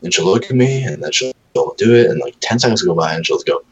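Very deep-voiced man rambling about his dogs. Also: animated, quick pace, lo-fi sound. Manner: rambling storyteller, swears often, mimics his dogs in voices. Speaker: friend in casual chat. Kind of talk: casual chat.

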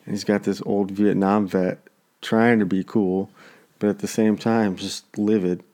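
A man with a fairly low, mellow voice tells a story in relaxed conversation. He jumps up into livelier voices when he quotes the people involved. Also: unhurried. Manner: animated storyteller acting out quotes. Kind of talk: casual storytelling chat.

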